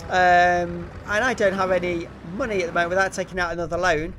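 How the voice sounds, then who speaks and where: Middle-aged English streamer, higher voice, relaxed chatter full of ums, faint vehicle noise. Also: male voice, fairly quick. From England. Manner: chatty, reads out viewer comments, frequent ums and uhs. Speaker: live-streaming gamer. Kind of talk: casual live-stream chat.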